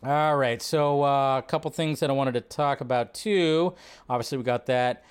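A man's voice: medium pitch, moderate pace, clear, resonant tone. A man hosting a live movie news stream, joking, reacting to chat and riffing casually.

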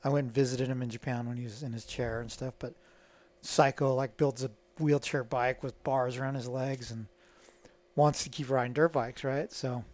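A middle-aged man, a guest, telling stories in a casual, animated way and acting out the voices of people in them. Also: mid-range voice, normal speed. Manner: animated, acts out quoted dialogue. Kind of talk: casual storytelling.

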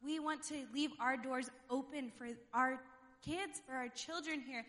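A woman's voice: high voice, steady tone, measured pace, bright, forceful tone, big-room sound. A woman youth leader leading a fervent prayer and church announcements, repeating God between phrases. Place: church sanctuary.

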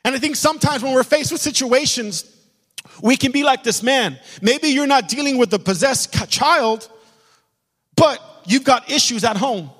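A man pastor delivers an impassioned sermon in a high, lifted voice. He drives his points home by saying them again and again. His voice carries a long reverb from the church hall. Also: a bit bright. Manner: impassioned preaching, repeats lines for emphasis. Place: church sanctuary.

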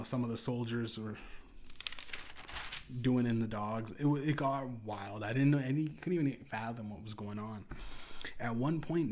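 A man's voice: mid-range voice, darkish tone. A young man hosting a podcast, telling an absurd comedic story in a casual, profane, rambling way with lots of restarts. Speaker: podcast host.

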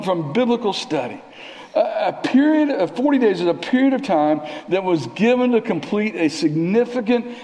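High-voiced preacher in a reverberant church. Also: male voice. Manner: animated, conversational preaching with dramatic drops to a near whisper. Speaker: pastor. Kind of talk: sermon. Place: church sanctuary. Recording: long reverb of a church hall.

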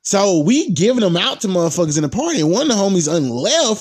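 A young man in his twenties spins a rowdy story with loose, profane slang and a lot of energy. His voice sits a little on the high side and sounds close and dry, with no room around it. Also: fast, husky, dry recording. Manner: animated and profane, heavy slang. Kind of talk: casual storytelling.

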